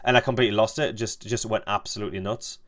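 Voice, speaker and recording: A young man streaming a game, telling a rambling, halting story and swearing freely. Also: on the low side, fairly even intonation, fairly bright tone. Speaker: gaming streamer. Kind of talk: casual storytelling while playing.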